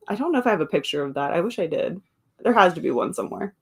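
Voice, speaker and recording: This livestream host has a fairly low, husky voice. She reads her viewers' comments aloud in a relaxed stream, chatting between them, laughing a lot and slipping into asides.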